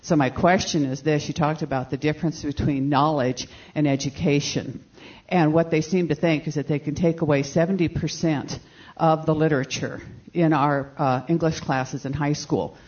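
A man's voice: a little high, fairly even intonation, moderate pace, darkish tone. A man in the audience asking a long, earnest question, explaining at length. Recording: dull lo-fi recording.

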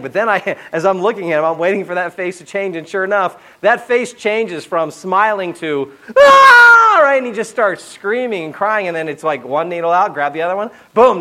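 A middle-aged man preaching a sermon, telling a family story in an animated way with frequent asides to the audience. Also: high-pitched, low-quality recording. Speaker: pastor.

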